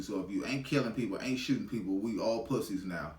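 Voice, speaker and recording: A man's voice: on the low side, quick pace, darkish tone, roomy sound, recorded from a distance. A man giving a heated, profane reaction commentary in blunt street slang.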